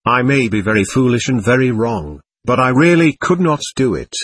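A man reading the lines of a young woman, earnest and gently pleading. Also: mid-range voice, expressive, normal speed, breathy edge.

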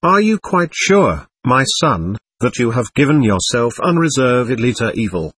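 A man reading the lines of a venerable old man with a white beard, speaking slowly and solemnly in formal phrases. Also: mid-range voice, big pitch swings, fairly bright tone, husky. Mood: grave. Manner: solemn, measured, ritual phrasing.

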